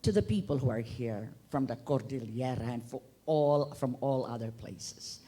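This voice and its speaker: Man, Boholano accent, middle-aged, husky voice, humorous public remarks. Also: medium pitch, moderate pace, mellow. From Philippines, Bohol. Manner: expansive, humorous, rising emphatic bursts. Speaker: forum audience member, newspaper manager. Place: conference hall.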